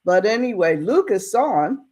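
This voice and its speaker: A woman casually retelling a story in a colloquial, unhurried way. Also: medium pitch, big pitch swings, darkish tone.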